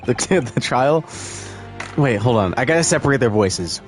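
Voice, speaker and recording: A man's voice: mid-range voice, lively intonation, moderate pace, faint music behind. A man giving casual, giggly, self-mocking let's play commentary while reading a game aloud. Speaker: gaming streamer.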